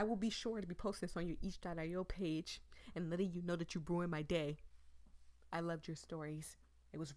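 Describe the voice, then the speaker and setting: A woman playing through a visual novel, reading it aloud and reacting out loud in a chatty, emotional way. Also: on the low side, steady tone, fairly quick, no room sound, clean studio sound. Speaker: gaming YouTuber.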